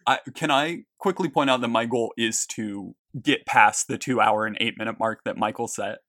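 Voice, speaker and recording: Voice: medium pitch, moderate pace, a bit bright, no room sound. A young adult talks as a podcast guest in eager, chatty casual conversation. The voice comes through a dry, close mic with no room sound. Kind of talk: casual chat.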